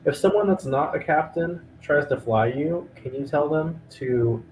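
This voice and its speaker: A man's voice: on the high side, measured pace, darkish tone, a little hiss or hum, rough recording. Chatty male tabletop player. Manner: chatty, joking, asks pointed questions. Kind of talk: casual tabletop play.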